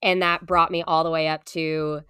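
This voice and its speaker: A woman co-hosting a casual podcast, animated, often jumping into high playful voices when she quotes. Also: moderate pace, smooth, dry recording, clean studio sound. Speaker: podcast co-host, student.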